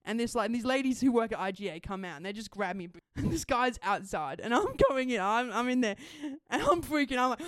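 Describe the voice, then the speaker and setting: A young Australian woman co-hosting a podcast and telling a story in casual chat. She talks in an animated way, laughs often and swears freely. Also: a little high, a little fast, hardly any pauses, no room sound. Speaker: podcast co-host.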